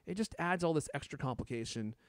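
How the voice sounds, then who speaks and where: A man's voice: fairly high pitch, animated, fast, no echo, clean studio sound. A man in his thirties co-hosting a casual tech chat, joking and laughing often. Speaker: podcast co-host.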